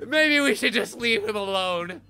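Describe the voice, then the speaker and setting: A man's voice: very high-pitched, animated, takes it slowly, gravelly, pushed and bright, faint music behind. A young man streaming a game live, swearing and laughing giddily as he reacts. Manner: profane, laughing, giddy.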